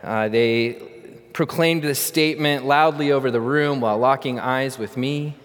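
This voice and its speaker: A man's voice: mid-range voice, moderate pace. A middle-aged man preaching a sermon, telling a funny childhood story with animation and then teaching earnestly. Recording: long reverb of a large hall.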